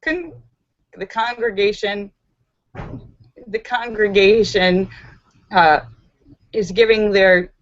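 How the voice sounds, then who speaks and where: A woman's voice: mid-range voice, steady tone, slow, pauses often, no room sound. A woman hosting a live stream, reading out viewer jokes and laughing at the punchlines. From Los Angeles. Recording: dull, dry home recording.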